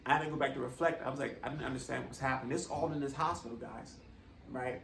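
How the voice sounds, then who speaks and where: A man's voice: medium pitch, fairly even intonation, fast talker, vocal fry, a bit bright, reverberant, far from the mic, slight background noise, low-quality recording. A man earnestly telling a personal testimony in a conversational way, often checking in with his listeners. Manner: earnest, conversational, tags with "right?". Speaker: vlogger.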